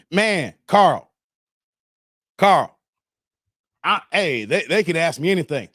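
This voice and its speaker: A man's voice: on the high side, very animated, slow, long pauses, fairly bright tone, no room sound. Man in his forties, from the Chicago area, casual livestream host, joking and emphatic, dry close sound. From Chicago area, United States. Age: 40s. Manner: joking, laughs often, slangy and emphatic.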